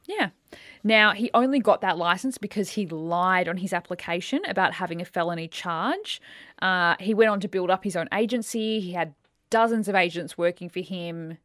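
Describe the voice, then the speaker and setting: A woman's voice: on the low side, moderate pace, fairly bright tone, dry recording, clean studio sound. A woman co-hosting a podcast, telling a true crime story in a chatty, casual way.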